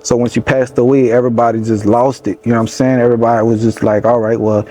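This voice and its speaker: Mellow-voiced young Louisiana rapper. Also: male voice, medium pitch, little pitch movement, fast talker. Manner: loose, rambling, lots of "you know what I'm saying". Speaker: rapper being interviewed. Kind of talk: casual storytelling interview. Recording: faint background noise.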